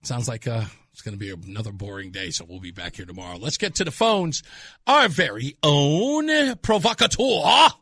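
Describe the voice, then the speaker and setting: A man hosting a radio talk show in casual, animated chat, laughing often and sometimes dropping into a low murmur. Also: moderate pace, no room sound, studio quality. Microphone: studio microphone.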